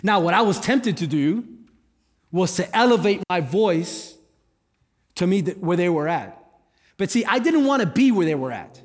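Male guest pastor, higher register, conversational sermon with jokes; long hall reverb, faint music under. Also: sing-song, normal speed, long pauses. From Cuba. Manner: conversational, joking asides. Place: church hall.

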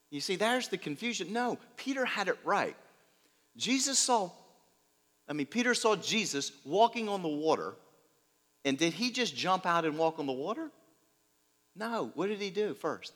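A man preaching a sermon, telling stories in a lively way, his voice swinging between loud and soft. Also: on the high side, moderate pace. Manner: lively storytelling, shifts loud and soft, laughs. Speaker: pastor. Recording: long hall reverb.

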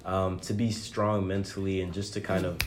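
A man's voice: low voice, flat delivery, moderate pace, noisy background. A young man from Nigeria, a podcast guest, earnestly telling his story in casual chat.

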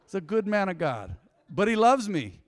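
A man preaching a sermon as pastor, conversational and lively, with sudden loud bursts and quiet drops. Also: high-pitched, normal speed, big-room sound.

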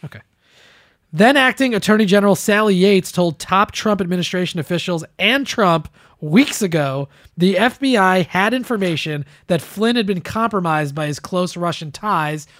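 A man co-hosting a podcast, giving casual political commentary in an animated, profane way and acting out quotes in mocking voices. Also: sits high, normal speed, no echo, clean studio sound. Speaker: podcast co-host.

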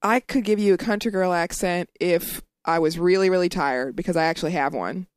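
A woman's voice: on the low side, brisk, smooth, dry recording. A woman co-hosting a podcast in casual chat, dry and teasing. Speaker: podcast co-host.

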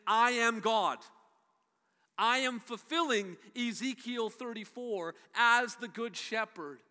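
A man preaching a sermon as a pastor, emphatic, his voice swinging from soft to loud. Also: high-pitched, big-room sound.

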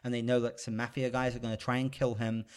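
A man hosting an audio podcast, retelling a story in a rambling, animated way with lots of fillers. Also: mid-range voice, quick pace, clear, resonant tone. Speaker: podcast host. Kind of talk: casual podcast chat.

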